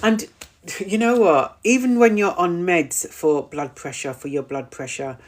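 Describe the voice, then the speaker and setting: A woman's voice: lowish voice, a little slow. A middle-aged woman hosting a live stream, chatting casually, repeating her points and reading out viewer comments. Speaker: host of a wellness live stream.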